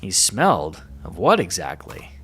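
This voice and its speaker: A man's voice: low-pitched, huge pitch swings, measured pace, a bit bright, soft background music, pitched below the performer's own voice, heavily acted. A man voicing a polite, dry male animal detective who questions witnesses in a game. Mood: questioning.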